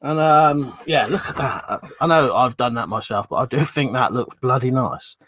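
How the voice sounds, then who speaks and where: A man hosting a casual live stream, chatting and greeting viewers by name, with loud greetings and quieter mumbled asides. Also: medium pitch, moderate pace, breathy edge.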